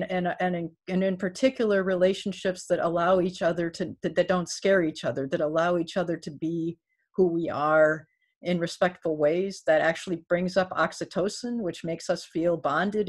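A woman's voice: on the low side, steady tone, moderate pace. Thoughtful woman explaining with restarts. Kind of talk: explaining in an online workshop. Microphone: video call.

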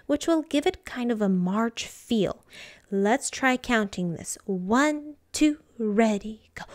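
A woman's voice: a little high, clean tone. A woman teaching a music theory lesson, patiently explaining time signatures and counting the beats aloud. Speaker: piano teacher.

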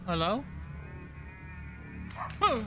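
A man streaming a horror delivery game, joking and reacting loudly, on a studio microphone. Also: high voice, very slow, music in the background. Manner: animated, jokey, squeals at animals. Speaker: gaming streamer. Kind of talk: let's play commentary. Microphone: studio dynamic mic.

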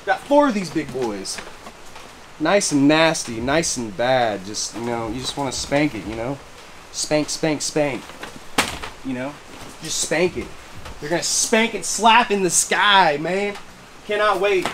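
A man showing off his gear in a casual vlog, excitable and slangy, repeating catchphrases and whooping. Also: fairly high pitch, measured pace, slight background noise. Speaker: fireworks vlogger. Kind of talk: casual show-and-tell vlog. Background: background music.

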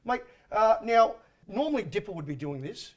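A man's voice: high-pitched, animated, normal speed. An Australian man hosting a comedic sports talk show, blokey and rambling, calling everyone mate.

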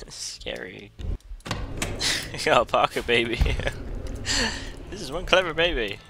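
A man's voice: mid-range voice, sing-song, takes it slowly, creaky, pauses often, sharp tone, a little hiss or hum. A man commenting on a horror game as he plays, joking and talking as the toddler he controls, with sudden startled yelps. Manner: jokey, talks as the toddler he plays, jumpy yelps. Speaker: gaming commentator.

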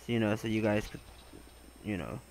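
A young man giving gaming commentary, excitable and swearing, with loud exclamations and a voice that cracks. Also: lowish voice, fairly quick, gravelly, slight background noise, rough recording. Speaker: gaming channel host.

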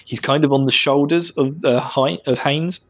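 Husky joking podcast guy. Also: mid-range voice, fairly even intonation, moderate pace, fairly bright tone, highs cut off. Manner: laughs often, jokey and loose. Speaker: podcast co-host. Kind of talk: casual chat.

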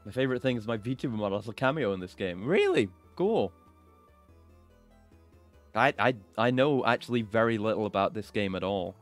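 A man's voice: lowish voice, fast talker, hardly any pauses, faint music behind. A man streaming a video game, chatting casually in a rambling, mildly frustrated way and swearing now and then. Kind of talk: casual gaming stream chat.

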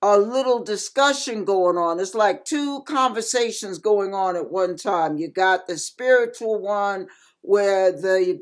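An older woman who hosts a ministry channel, speaking in an earnest, folksy sermon style with some humorous asides. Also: mid-range voice. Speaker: ministry channel host and pastor. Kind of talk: sermon-style talk recounting a dream as a warning.

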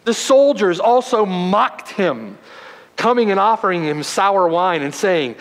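A male pastor preaching a sermon, moving from loud, forceful emphasis to hushed, quiet passages. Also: normal speed. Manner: dramatic preaching, swinging from loud emphasis to hushed low tones. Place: church sanctuary. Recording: long hall reverb.

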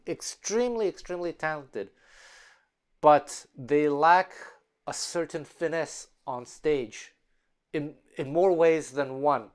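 A man teaching a music lesson, talking earnestly and conversationally, often restarting his sentences. His voice is smooth and resonant and sits a little high for a man. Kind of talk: spoken lesson.

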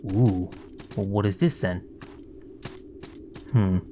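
A man's voice: deep voice, slow pace, dark tone, a little hiss or hum. A man playing a video game and talking to himself in a drowsy, muttering way, swearing now and then and admitting he is sleepy. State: sleepy, yawning. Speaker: gaming channel host. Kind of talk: casual game commentary.

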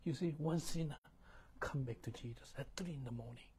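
A man preaching a sermon, questioning the congregation and moving between loud emphasis and hushed tones. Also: mid-range voice, brisk, background noise. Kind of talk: sermon with call-and-response.

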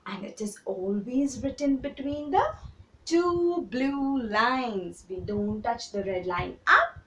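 A woman kindergarten teacher gives a handwriting lesson to small children, slowly repeating steps and praising them. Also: on the high side, animated, fairly bright tone, distant mic, a little hiss or hum. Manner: slow, repetitive, encouraging drills for small children. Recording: roomy echo, voice a little off the mic.

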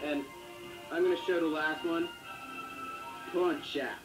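In a casual video-chat update, a male co-host rambles and jokes, correcting himself as he goes. His voice is on the high side, steady and slow. He uses a Wii U chat mic in an echoey room with loud music playing.

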